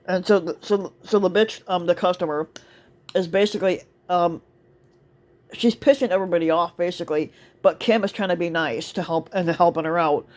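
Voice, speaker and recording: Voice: medium pitch, fairly even intonation, normal speed. Casual storytime, store cart worker, rambling, full of fillers and restarts, swears a lot. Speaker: store cart attendant telling a work story.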